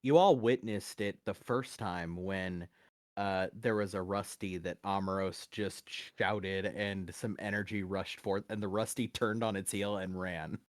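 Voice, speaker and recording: Male game master, unhurried narration, dry close sound. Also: low-pitched, steady tone, no echo.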